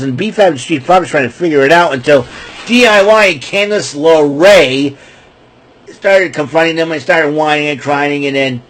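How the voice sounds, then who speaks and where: A man with a somewhat high voice runs through a casual wrestling recap. He rambles and trips over names, and he breaks into laughter at his own jokes. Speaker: podcast host.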